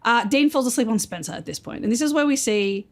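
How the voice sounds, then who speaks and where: A woman co-hosting a podcast, recapping plot in casual chat with quick asides. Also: fairly high pitch, lively intonation. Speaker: podcast co-host.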